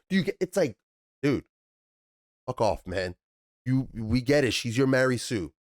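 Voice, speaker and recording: A man hosting a TV review channel, ranting in an animated, profane way and jumping up into high, exasperated bursts. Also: a little slow, long pauses.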